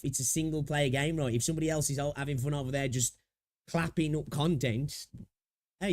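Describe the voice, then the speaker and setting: A man livestreaming casual commentary as he reacts to a video. He thinks out loud, rambles, laughs easily, and keeps checking in with "right?". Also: a little high.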